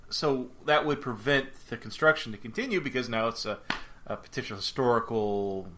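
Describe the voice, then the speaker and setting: Male co-host, bright voice, easygoing rambler, self-deprecating. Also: mid-range voice, normal speed, slight background noise. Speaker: podcast co-host. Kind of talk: casual chat.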